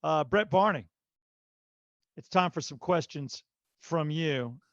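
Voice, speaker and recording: Male podcast host, slightly high voice, animated storyteller with lots of fillers, dry and slightly muffled audio. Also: slow, dry recording. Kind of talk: casual podcast chat.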